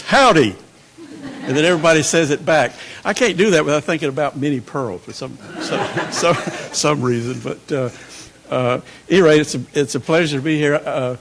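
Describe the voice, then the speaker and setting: An older man from South Carolina giving a guest lecture, halting with many fillers and folksy asides. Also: medium pitch. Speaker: guest speaker. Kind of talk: lecture remarks.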